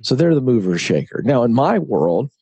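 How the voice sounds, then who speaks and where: A man's voice: mid-range voice, big pitch swings, normal speed, warm tone, slightly rough, dry recording, muffled recording. A middle-aged man, an author and broadcaster, speaking earnestly in an interview and telling stories with emphatic repetition. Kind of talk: conversational interview.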